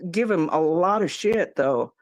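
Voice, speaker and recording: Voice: medium pitch, lively intonation, a little slow, no echo. A speaker in casual chat, rambling and chatty with frequent swearing and fillers. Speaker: friend in conversation.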